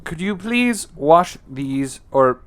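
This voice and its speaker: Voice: mid-range voice, expressive, takes it slowly, clean tone. An improv actor in a comedy scene, playful and prone to dramatic overreactions. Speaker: podcast co-host, actor. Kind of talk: improvised comedy role-play.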